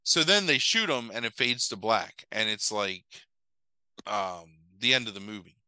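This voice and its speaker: This podcast co-host has a fairly low, clean-toned voice and a normal pace as he swears and meanders through a movie plot, voicing characters along the way. The recording is dry and rough.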